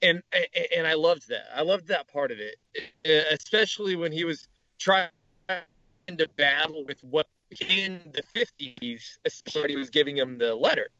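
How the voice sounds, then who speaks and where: A man's voice: on the high side, expressive, normal speed, bright, forceful tone, dry recording, lo-fi sound. A man co-hosting a casual podcast chat, rambling with lots of restarts. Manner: rambling, many restarts and fillers. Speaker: podcast co-host. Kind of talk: casual chat about movies.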